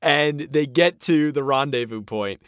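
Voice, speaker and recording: A man's voice: on the high side, unhurried, no echo. A man co-hosting a podcast, casually recapping an episode and acting out lines in funny voices. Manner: animated, acts out characters' lines in funny voices. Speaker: podcast co-host.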